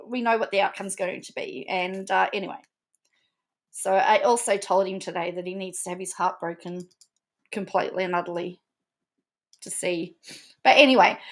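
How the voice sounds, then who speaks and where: A middle-aged woman talking casually on a live stream, emotional, laughing often and repeating herself. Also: medium pitch. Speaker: vlogger.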